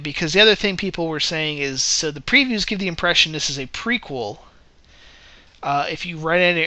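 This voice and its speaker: Bright, crisp-voiced man rambling through a review. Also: fairly high pitch, no echo. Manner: rambling, self-correcting, often laughing. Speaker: film reviewer. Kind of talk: casual spoken movie review.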